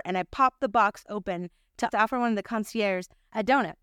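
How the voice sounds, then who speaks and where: A middle-aged woman gives a devotional Bible lesson, telling a personal story and acting out the people in it. Her voice is smooth and clear. The recording is dry and close. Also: medium pitch, moderate pace, hardly any pauses, no echo. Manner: animated storyteller, acts out quoted voices. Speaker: Bible study teacher.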